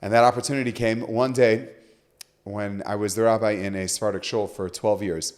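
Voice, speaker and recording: A man, a rabbi who is a guest on a podcast, telling stories in a lively way and acting out the voices of people he quotes. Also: lowish voice, normal speed. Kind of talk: animated storytelling in conversation.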